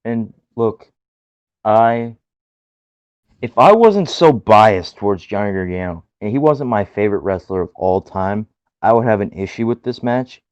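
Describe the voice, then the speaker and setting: A man with a very low voice chats casually on a podcast, eager and gushing. His voice comes through dry and a little dull, like a lo-fi home recording. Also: a little slow, no room sound. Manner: excitable, gushing fan talk. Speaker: podcast co-host. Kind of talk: casual chat. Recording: dull lo-fi sound.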